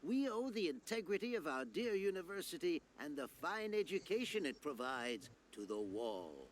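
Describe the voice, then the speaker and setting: A man's voice: on the high side, sing-song, moderate pace, a little hiss or hum. A man voicing a pompous, rule-bound old university rector in a video game. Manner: pompous, formal.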